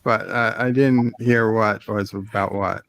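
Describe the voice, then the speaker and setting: A man's voice: on the low side, steady tone, a little slow, creaky, fairly bright tone, a little hiss or hum. A man hosting a casual livestream chat, easygoing, reading viewer comments aloud. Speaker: livestream host.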